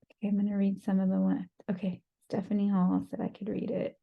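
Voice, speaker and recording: A woman presenter runs an online workshop over a video call, warmly inviting people to unmute and share. Her voice is dark and mellow with a gravelly fry. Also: mid-range voice, completely flat delivery, brisk. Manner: warm, encouraging, reads participants' chat aloud.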